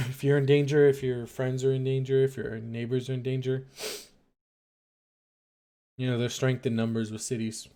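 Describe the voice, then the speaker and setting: A man's voice: medium pitch, level tone, normal speed, long pauses, dark tone. A young man hosting a late-night talk stream in his home setup, musing aloud in a rambling, hesitant way full of fillers. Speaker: late-night radio-style stream host. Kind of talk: casual rambling monologue.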